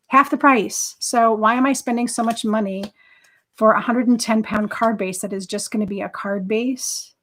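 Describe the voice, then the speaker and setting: Woman, craft livestream host, chatty, enthusiastic, rambling, mid-pitched voice. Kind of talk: casual live craft demo chat.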